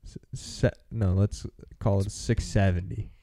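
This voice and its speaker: A man's voice: on the low side, fairly even intonation, unhurried, gravelly, dark tone, no echo, clean studio sound. A man co-hosting a casual podcast, laid-back and swearing freely as he improvises an indecisive car buyer. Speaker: podcast co-host. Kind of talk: casual chat with improvised role-play.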